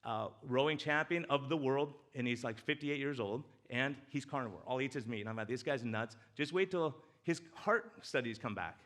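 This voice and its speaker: A man, a doctor, giving a casual, joking talk with slides at a church men's breakfast, swinging between loud excitement and quiet emotion. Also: medium pitch, normal speed, few pauses. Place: church hall.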